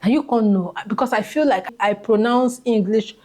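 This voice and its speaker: A woman's voice: on the high side, moderate pace, darkish tone. A woman with a Nigerian accent giving advice in a casual vlog, emphatic and repeating key phrases for stress. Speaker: vlogger.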